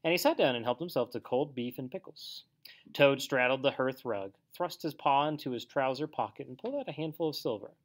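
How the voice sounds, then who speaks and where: A man teacher reading a story aloud to children, with an expressive, animated delivery. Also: mid-range voice, fairly quick.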